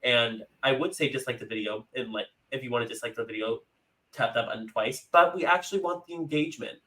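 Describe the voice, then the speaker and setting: A man's voice: mid-range voice, brisk, fairly bright tone, low-quality recording. A man hosting a casual podcast chat, signing off in a playful, rambling way with plenty of fillers. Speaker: podcast host.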